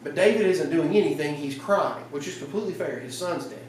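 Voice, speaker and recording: A man's voice: on the high side, brisk, a little hiss or hum. Man preaching in an echoey church. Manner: lively storytelling, laughs at the story, acts out lines. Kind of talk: casual evening sermon. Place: church sanctuary. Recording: roomy church sound from a distant mic.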